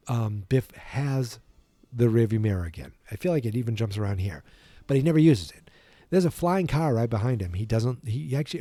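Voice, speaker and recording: A man's voice: mid-range voice, warm tone, dry recording. A man hosting a podcast, casually retelling a film from memory in a rambling way. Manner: rambling, full of restarts and impressions. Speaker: podcast host.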